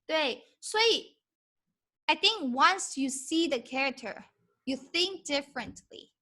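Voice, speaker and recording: A woman with a Mandarin Chinese accent, a native Mandarin speaker teaching Mandarin in a live online lesson, switching between English and Mandarin with emphatic, lively delivery. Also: high voice, takes it slowly.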